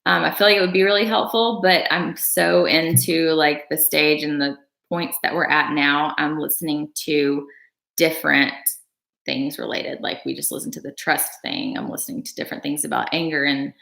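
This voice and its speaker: Low-voiced woman chatting on a livestream. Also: steady tone, normal speed, gravelly, a bit bright. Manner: rambling, earnest, many fillers and restarts. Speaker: livestream vlogger. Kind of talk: casual livestream chat. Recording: roomy room echo.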